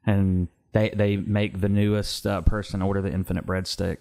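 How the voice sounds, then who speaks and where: A man's voice: sits low, flat delivery, normal speed, gravelly, a little mellow. A man co-hosting a comedy podcast, bantering casually and playfully reading out script lines. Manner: playful, reads out script lines and acts them. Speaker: podcast co-host.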